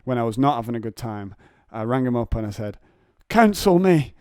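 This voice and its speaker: A young man rambles through anecdotes on his solo podcast, slipping into high, mocking voices for the people in his stories. His voice sits at a middling pitch, and the recording is dry and close, with no room sound. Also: steady tone, fast talker, darkish tone, clear, resonant tone, no room sound. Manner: jokey storytelling, acts out voices of others in high pitch. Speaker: podcast host.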